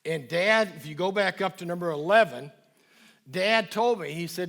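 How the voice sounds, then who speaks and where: High-voiced man giving a lively parenting talk. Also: moderate pace, creaky. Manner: dynamic, swings from emphatic to soft and low. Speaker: parenting speaker. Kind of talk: live talk to an audience.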